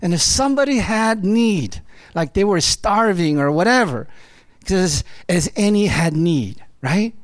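Animated high-voiced preacher man. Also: a little slow, no echo. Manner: animated, conversational preaching with constant "right?" tag questions. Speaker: pastor. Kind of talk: sermon.

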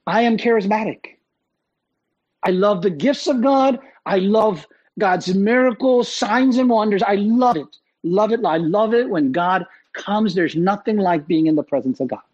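A man preaching a sermon in a conversational, animated way, often checking in with "right?". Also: high-pitched, unhurried, highs cut off. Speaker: pastor.

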